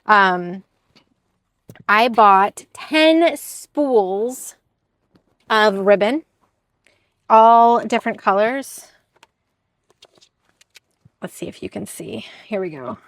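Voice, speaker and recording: A woman's voice: medium pitch, expressive, drawn-out words, long pauses, a bit bright, no echo. A woman chatting casually in a haul video, bubbly and self-deprecating as she shows her thrift finds. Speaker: reseller vlogger.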